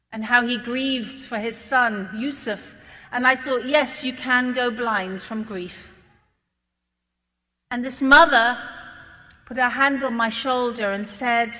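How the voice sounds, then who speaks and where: A British woman from England giving an earnest, emotional testimony to an audience, moving between hushed words and emphatic declarations. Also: on the high side, slow, long reverb tail. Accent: British English.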